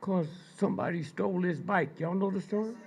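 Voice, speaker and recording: An older man telling stories to a live audience, prodding listeners with repeated "Hmm?" and "Huh?" between pointed pauses. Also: high voice, a little mellow. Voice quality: gravelly, husky. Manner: slow, drawn-out delivery with pointed pauses. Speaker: speaker addressing an audience. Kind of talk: storytelling lecture to a live audience.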